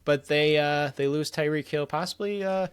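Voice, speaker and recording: A man's voice: a little high, moderate pace, smooth. A young man co-hosting a casual sports podcast, opinionated and blunt, rattling off scores and verdicts. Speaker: podcast co-host.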